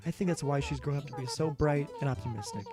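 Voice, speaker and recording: A man putting on a sweet, soft hedgehog sister. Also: fairly high pitch, quick pace, over music, close to an everyday voice. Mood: tender. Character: gentle, shy older sister hedgehog seamstress.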